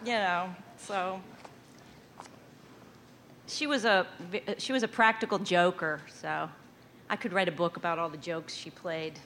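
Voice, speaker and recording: Woman guest, unhurried storyteller, animated and laughing, light background noise. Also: fairly low pitch. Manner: animated, laughs often, acts out quoted voices. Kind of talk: casual interview anecdotes.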